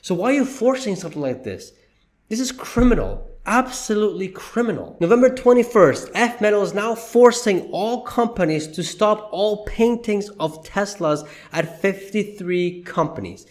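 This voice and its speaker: A man's voice: high voice, lively intonation, normal speed, darkish tone. A man giving indignant, worked-up opinion commentary, exclaiming as he talks. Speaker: commentary vlogger.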